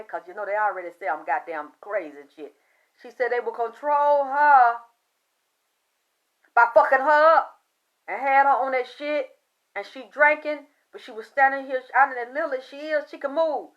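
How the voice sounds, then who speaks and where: A woman telling a story in a loud, profane, excitable monologue, acting out the voices she quotes. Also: on the high side, normal speed, dull audio. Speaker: spiritual commentator.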